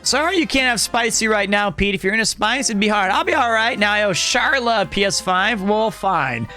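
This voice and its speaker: Loud, bright-voiced man chatting on stream. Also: sits high, a little fast, faint music behind. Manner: loud, projecting, animated talker. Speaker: streamer reading chat. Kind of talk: casual live-stream chat.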